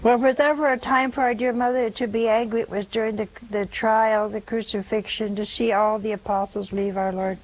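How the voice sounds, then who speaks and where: A woman's voice: fairly high pitch, steady tone, brisk, hardly any pauses, low-quality recording. An older woman hosting a religious call-in show, preaching earnestly and repeating phrases for emphasis. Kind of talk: preaching to callers.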